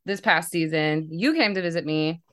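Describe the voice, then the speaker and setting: A woman co-hosting a fan podcast, telling stories in a casual, animated way with frequent laughter. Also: deep voice, moderate pace. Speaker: podcast co-host. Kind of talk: casual chat.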